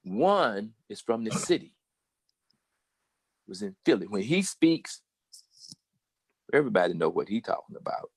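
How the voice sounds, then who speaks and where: An older man with a Southern American accent telling a personal story in a casual, animated way and acting out the voices of the people he quotes. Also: fairly low pitch, unhurried, pauses often, husky, no room sound. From Virginia. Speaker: guest storyteller.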